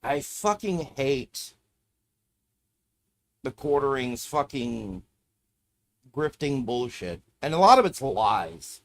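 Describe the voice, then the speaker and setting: A man's voice: medium pitch, very animated, takes it slowly, long pauses, fairly bright tone. A man streaming live, talking to himself as he browses videos, swearing and ranting in a casual, irritated way. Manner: profane, ranting, muttering to himself while browsing.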